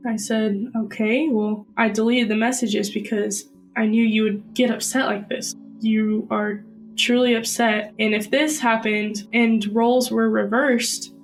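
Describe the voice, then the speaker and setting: A woman's voice: a little high, fairly even intonation, a little slow, faint music behind, poor audio. A young woman earnestly recounting a personal story in a podcast interview.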